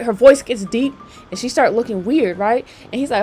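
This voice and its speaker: A woman's voice: a little high, normal speed, darkish tone, faint music behind. A woman nail technician chatting casually while working, slangy and checking in with her viewers. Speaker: nail technician and channel host. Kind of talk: casual chat while doing nails.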